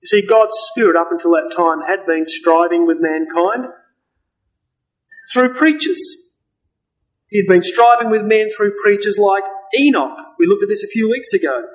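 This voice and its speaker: A man preaching a sermon, earnest and emphatic, slowing down to stress key words. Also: high-pitched, rough recording.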